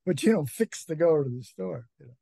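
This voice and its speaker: A man's voice: fairly high pitch, expressive, brisk, gravelly, warm tone, slightly rough, no room sound. A middle-aged man with a Northeastern US accent, a guest author chatting casually in an interview, with many fillers and easy laughs. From Connecticut.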